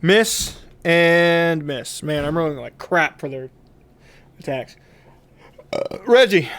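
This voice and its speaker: A relaxed man guides a tabletop game, taking his time over each word. His voice sits a little high, and he keeps a loose, joking tone. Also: takes it slowly. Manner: laid-back, joking, laughs often. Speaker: game master.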